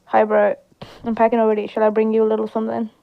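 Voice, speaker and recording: A woman reading a cheerful younger brother's texts in a game, in a gravelly, even voice. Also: on the high side, fast talker, soft background music. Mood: cheery. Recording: slightly dull lo-fi sound.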